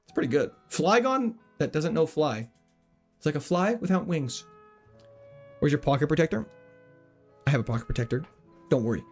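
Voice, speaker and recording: A lively man streaming a game from home, cracking jokes and reading chat aloud. His slightly high voice swings all over the place as he talks. Soft music plays faintly behind him. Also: moderate pace, long pauses, husky. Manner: jokey, animated, reads chat aloud. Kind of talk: casual livestream commentary.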